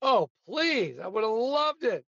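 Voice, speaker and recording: Guest storyteller, male, high voice, dry dull lo-fi sound, chuckles through tales. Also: unhurried, gravelly, dry recording. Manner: animated anecdotes, laughs often. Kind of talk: casual storytelling interview.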